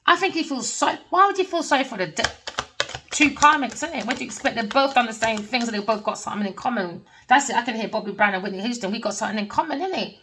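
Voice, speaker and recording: A woman's voice: fairly high pitch, expressive, fast, sharp tone, distant mic, low-quality recording. A woman giving a casual tarot reading, rambling and emphatic with plenty of slang. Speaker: tarot reader.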